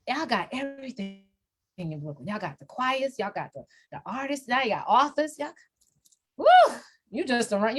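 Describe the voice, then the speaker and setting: A woman with a New York accent hosts a casual live-stream chat with a mid-range voice. She talks in a playful, lively way and lets out loud excited cries. She hypes up her young guest and talks to her viewers. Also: mid-range voice. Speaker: host.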